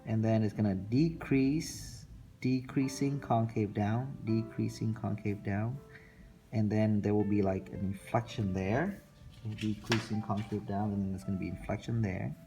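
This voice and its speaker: A man teaching a math lesson, calmly repeating each step while he sketches a graph. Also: fairly low pitch, faint music behind. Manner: slow, repetitive, talking through steps while sketching. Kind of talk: classroom lecture recorded for students.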